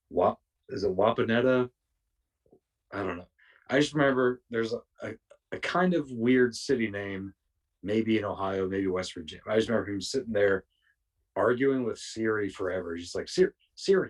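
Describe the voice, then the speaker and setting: A man's voice: lowish voice, recorded from a distance. A man, a podcast guest, telling rambling, profane anecdotes casually, with lots of restarts. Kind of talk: casual storytelling.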